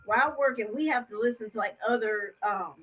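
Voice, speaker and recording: A woman's voice: on the high side, brisk, husky, muffled recording. A woman co-hosting a casual talk show, chatty and full of fillers. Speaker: co-host. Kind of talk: casual chat.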